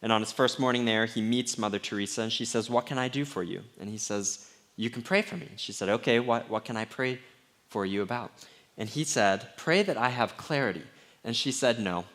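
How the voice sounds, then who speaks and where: A middle-aged man preaching a sermon as pastor, candid and conversational, sometimes dropping to a hushed voice. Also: medium pitch, brisk.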